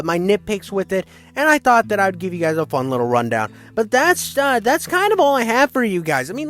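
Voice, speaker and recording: A young man with a nasal voice giving a crude, rambling, self-mocking video game review. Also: high voice. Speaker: gaming YouTuber.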